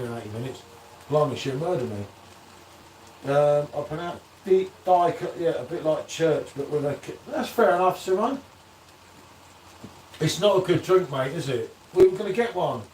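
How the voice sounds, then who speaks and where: Hosting a laid-back live stream reviewing beer, a man banters and reads out comments from viewers. His voice is a little high with a darkish tone. The room echoes, he's far from the mic, and there's a bit of hiss or hum.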